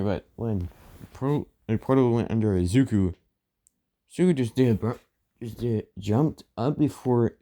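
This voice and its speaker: Slow, dark-voiced man rambling through a story. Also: fairly low pitch. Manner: rambling, full of "and, yeah" fillers and restarts. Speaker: fan fiction storyteller. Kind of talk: casual story retelling.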